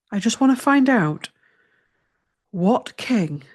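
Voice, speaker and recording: A woman's voice: a little high, expressive, very slow, breathy edge. A woman hosting a tarot channel, flustered and swearing as she talks through her research in casual chat. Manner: flustered, muttering and swearing to herself.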